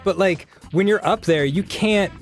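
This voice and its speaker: A man's voice: sits high, unhurried, soft background music. A man co-hosting a gaming show in casual chat, telling stories animatedly, laughing often and swearing freely.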